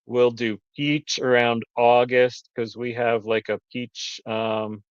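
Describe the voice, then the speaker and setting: Speaking slowly in a flat, smooth mid-range voice with no room sound, a man who keeps bees describes his honey products in detail. It's a casual chat on a live stream over a video call, carried by dull, lo-fi audio.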